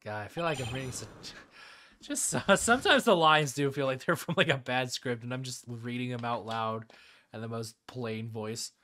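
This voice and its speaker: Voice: medium pitch, moderate pace, a little hiss or hum. A co-host commenting casually on a video game with rambling, self-mocking asides. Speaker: let's play co-host. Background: loud game music.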